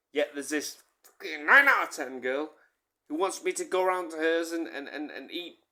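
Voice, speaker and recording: A man spins a long, rambling comic story, dropping casual swears and stumbling back over his own words. His voice sits a little high and sounds bright and forceful. He takes his time, unhurried. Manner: swears casually, repeats and corrects himself.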